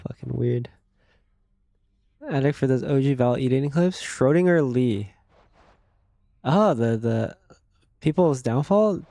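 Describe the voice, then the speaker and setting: A man's voice: mid-range voice, expressive, slow, pauses often, dark tone, no room sound, clean studio sound. A man live-streaming a game, chatting casually and crudely with his audience in a rambling way. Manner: rambling, crude, laughs easily.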